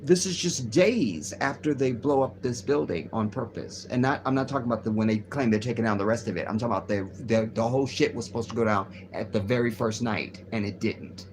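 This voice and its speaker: A man's voice: mid-range voice, a little fast, hardly any pauses, a little hiss or hum. A man hosting a casual livestream, reading news aloud and riffing on it in a rambling, profane way. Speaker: livestream host.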